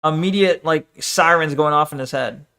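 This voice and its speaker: A man's voice: a little high, moderate pace, bright, forceful tone, smooth. A man streaming, reacting to a video with profane, mocking rants. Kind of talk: casual reaction commentary.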